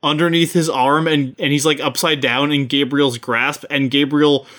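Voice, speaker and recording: A man co-hosting a casual podcast, with a voice pitched a little higher than most men's. He talks fast and in a chatty way, with frequent laughter running through his speech. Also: little pitch movement, fairly bright tone. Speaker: podcast co-host. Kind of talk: casual chat.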